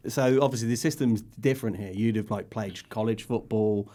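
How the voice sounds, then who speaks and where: A man co-hosting a podcast, joking with the guests and laughing quickly. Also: fairly low pitch, steady tone, mellow. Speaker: podcast co-host. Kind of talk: casual podcast chat.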